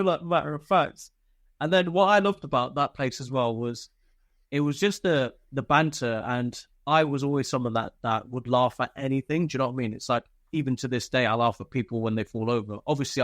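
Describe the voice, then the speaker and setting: A man's voice: medium pitch, dry recording, clean studio sound. A male army veteran from Britain telling swearing, laughter-filled war stories in a casual interview.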